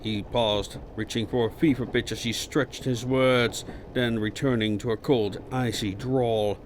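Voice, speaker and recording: Male audiobook narrator, mid-range voice, measured dramatic delivery, faint background noise. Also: medium pitch, steady tone. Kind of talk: scripted narration.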